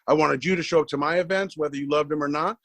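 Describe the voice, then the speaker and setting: A middle-aged man, a podcast guest, telling a long story in a casual interview, acting out the dialogue and repeating words when excited. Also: fairly high pitch, fast, dry recording.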